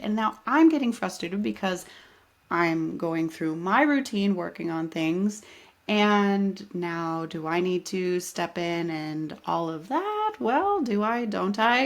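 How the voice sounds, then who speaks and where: A woman's voice: lowish voice, a little slow. A woman in her thirties, a life coach hosting her own podcast, talking casually and animatedly, often checking in with "right?". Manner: animated, conversational, peppered with "right?". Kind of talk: casual solo podcast talk.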